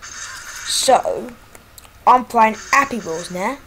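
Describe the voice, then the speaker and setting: A woman giving jokey, excitable commentary as she plays a video game, often breaking into exclamations. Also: medium pitch, slow pace, pauses often, slight background noise, poor audio. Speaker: gaming YouTuber. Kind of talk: gameplay commentary.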